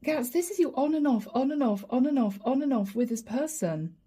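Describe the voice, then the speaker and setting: A woman's voice: high-pitched, fairly quick, slightly rough. A woman giving a chatty tarot reading to camera, slipping into quoted voices. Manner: lively, chatty, often acts out quoted voices and asides. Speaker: tarot reader.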